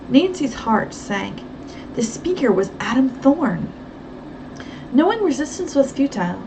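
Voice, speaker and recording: A woman reading a novel aloud with expressive, brisk storytelling, a bit distant over faint background noise. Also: a little high. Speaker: reader.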